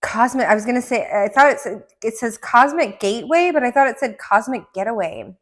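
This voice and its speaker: A woman with a slightly high voice giving a casual tarot reading to a camera indoors. She rambles and jumps between thoughts, bursting into sudden excitement and then dropping to soft mutters as she turns the cards. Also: fairly quick. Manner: excitable, rambling, frequent gasps and laughs. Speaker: tarot card reader. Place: indoor room. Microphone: camera mic.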